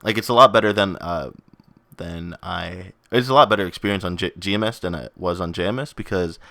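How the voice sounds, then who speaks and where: A man's voice: deep voice, a little fast, vocal fry, fairly bright tone, dry recording, clean studio sound. A young man hosting a gaming video in casual, rambling vlog chat, self-mocking and often laughing.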